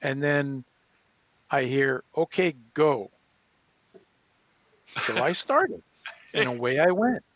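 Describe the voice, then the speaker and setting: A man's voice: a little high, big pitch swings, takes it slowly, pauses often, fairly bright tone, no echo. A man on a video chat telling a self-deprecating story about his first talk. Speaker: guest clinician. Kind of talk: casual anecdote on a video call. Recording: dull lo-fi call audio.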